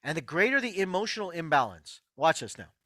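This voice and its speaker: A high, bright-voiced man gives an emphatic motivational health lecture, swooping up and down in pitch as he repeats his key points. He talks straight to his online audience, and the sound is close and dry. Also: very animated, a little fast, no echo. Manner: emphatic, repeats key phrases, addresses listeners directly. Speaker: host of an online healing workshop.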